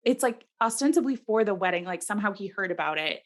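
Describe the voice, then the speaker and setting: A young woman co-hosting a casual movie review podcast, animated and swearing freely, acting out characters' lines. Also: mid-range voice, fast talker. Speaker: podcast co-host.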